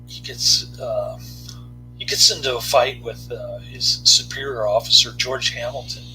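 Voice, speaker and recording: A man talking casually as a movie reviewer, rambling and halting with many fillers and restarts. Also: mid-range voice, steady tone, bright, forceful tone, soft background music, rough recording.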